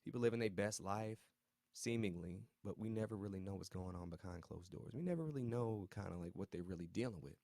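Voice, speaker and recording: A man's fairly low voice walks through a TV episode in a loose, chatty recap, full of slang and side remarks to his viewers. He chuckles here and there as he reacts. The sound is dry and close, with no room echo. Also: fairly quick, creaky, mellow. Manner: chuckles now and then while talking. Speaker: TV recap host.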